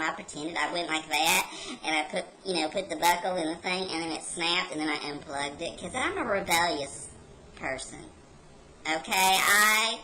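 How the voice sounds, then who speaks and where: A woman's voice: medium pitch, bright, forceful tone, a little hiss or hum, poor audio. A woman playing a brash, rebellious carnival worker, telling a rambling folksy story as a comedy character monologue.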